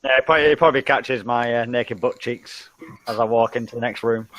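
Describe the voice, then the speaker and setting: A man's voice: mid-range voice, a little fast, a bit bright. A man playing a tabletop role-playing game, describing his character playfully.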